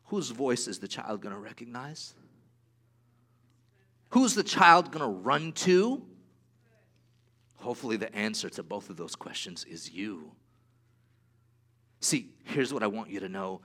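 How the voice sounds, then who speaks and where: A man preaching a sermon to his church, swinging from hushed asides to raised exclamations and acting out little dialogues in different voices. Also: mid-range voice, very animated, unhurried. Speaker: pastor.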